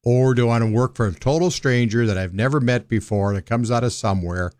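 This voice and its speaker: A man's voice: medium pitch, fast, darkish tone, no echo, studio quality. A man in his sixties with a Minnesota accent, a financial advisor talking plainly and bluntly on a radio show. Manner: folksy, blunt, plain-spoken. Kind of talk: casual radio talk.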